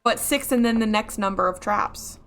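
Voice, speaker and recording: Excitable woman yelling at a video game. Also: mid-range voice, normal speed, faint music behind. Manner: excitable, yells and swears at enemies; talks to herself and her chat. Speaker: streamer. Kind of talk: live gameplay commentary.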